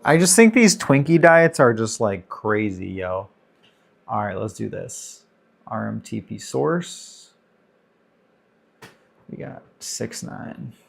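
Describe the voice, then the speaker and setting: A man's voice: fairly low pitch, big pitch swings, slow, creaky, pauses often. A man in his thirties hosting a casual livestream Q&A, chatting loosely and greeting viewers by name as he reads the chat. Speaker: livestream host.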